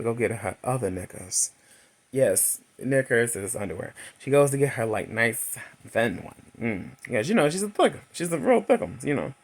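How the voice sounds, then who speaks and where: A man in his thirties giving a chatty, laughing movie recap and review, acting out characters' lines in a high voice. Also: a bit bright.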